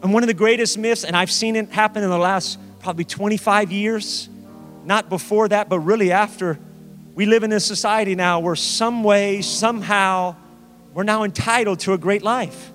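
High-voiced man preaching emphatically. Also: steady tone, moderate pace, a bit bright, soft background music. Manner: emphatic preaching, repeats key phrases. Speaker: pastor. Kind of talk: sermon.

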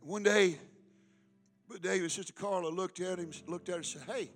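A middle-aged man preaches with fervor, his voice pitched high. He drops from loud calls to near-whispered asides. Faint music plays beneath him. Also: brisk. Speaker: pastor. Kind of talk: sermon.

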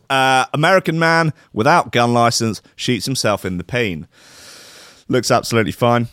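A man's voice: medium pitch, animated, moderate pace, fairly bright tone, dry recording, studio quality. Sarcastic man hosting a live stream. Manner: rambling and sarcastic, with tangents. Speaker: host. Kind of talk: comic news chat on a live stream.

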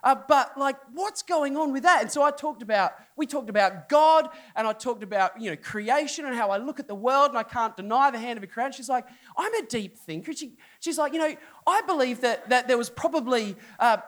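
In a church hall before his congregation, a middle-aged pastor tells a humorous story in a very high voice, going briskly with hardly any pauses. He brings the characters to life by acting them out, his voice springing up for their inner outbursts.

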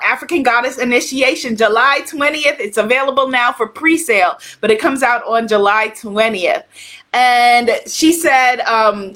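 High-voiced woman hosting a spiritual livestream. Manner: warm, encouraging, greets viewers by name; slow, hushed prayer delivery. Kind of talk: livestream talk with a spoken prayer.

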